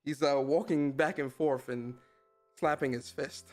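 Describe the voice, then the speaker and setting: A man's voice: on the high side, fairly even intonation, unhurried, darkish tone, faint music behind. Laid-back, slangy male podcast host. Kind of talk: casual live-stream chat.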